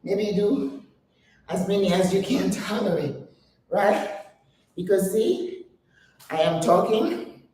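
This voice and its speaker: An older woman talks slowly and breathlessly as she leads a home workout, counting each rep aloud. Her voice bounces around a very echoey room. She sounds a little distant from the microphone, with faint noise underneath. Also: medium pitch, warm tone. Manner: chatty, coaching, counts reps aloud. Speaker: exercise vlogger. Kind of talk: guided home workout chat.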